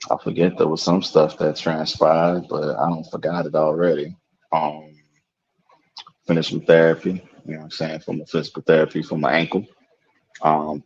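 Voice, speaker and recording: A man's voice: very deep voice, husky. A man, co-hosting a podcast in a laid-back, rambling way with lots of fillers. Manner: laid-back, rambling with lots of fillers and "you know what I'm saying". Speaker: podcast co-host. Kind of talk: casual podcast chat. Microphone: video call. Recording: dull lo-fi remote call audio.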